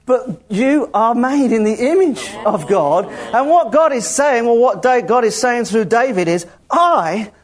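Animated high-voiced preacher. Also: male voice. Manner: animated, jokey, laughs often, calls out congregation members. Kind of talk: lively sermon to a congregation.

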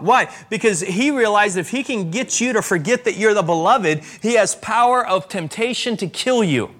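A man preaching a sermon as a pastor, with emphatic rises and slow, stressed repetitions. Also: high voice, animated, fairly bright tone.

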